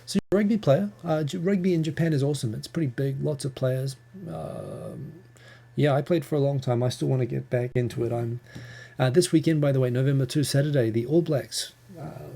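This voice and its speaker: A New Zealand man hosts a casual live Q&A, reading out viewer questions and answering in a rambling, chatty way full of ums and restarts. His voice is a little high, creaky and mellow, brisk, with fairly even intonation.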